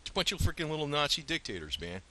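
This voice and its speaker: A man's voice: fairly high pitch, big pitch swings, fast, bright, forceful tone. A man ranting angrily in a home vlog, profane and rambling, swinging between outbursts and muttered asides. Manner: profane, heated, rambling rant. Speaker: vlogger.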